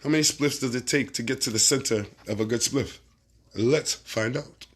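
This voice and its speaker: A man with a Barbadian accent hosting a casual livestream, reading viewer comments and giving shout-outs in a laid-back, profane, laughing way. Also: medium pitch, quick pace. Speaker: livestream host.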